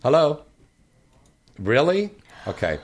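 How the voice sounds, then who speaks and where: A man's voice: on the high side, big pitch swings, slow pace. A man hosting a casual talk show, enthusiastic and chatty, taking calls between conversations. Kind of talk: casual chat.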